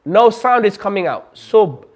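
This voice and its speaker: A man teaching a Quran recitation class, patiently drawing out sounds slowly for students to repeat. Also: high voice. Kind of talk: classroom lesson. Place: community centre classroom.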